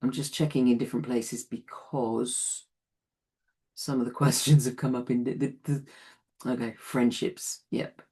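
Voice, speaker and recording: A woman's voice: very deep voice, steady tone, measured pace, dark tone. A woman in her late sixties teaching an online class in a chatty way, often laughing between points. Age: 60s.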